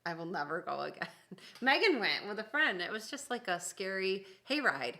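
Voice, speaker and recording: A woman's voice: medium pitch, sing-song, moderate pace, sharp tone. A woman chatting casually, laughing often as she tells a story about someone she knows. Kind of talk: casual chat.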